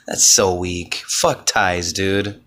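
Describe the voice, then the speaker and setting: A man's voice: deep voice, steady tone, slow, pushed and bright. A man hosting a solo comedy podcast, rambling in an offhand way and swearing often.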